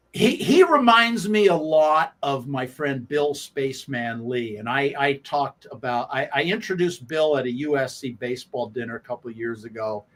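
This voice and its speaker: A man guesting on a sports talk show and telling stories with lively energy, his voice sitting at an ordinary middle pitch. He stops and restarts his sentences often. He slips into the voices of the people he quotes. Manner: animated, acts out quoted lines; halting with frequent restarts. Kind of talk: anecdotal storytelling on sports radio.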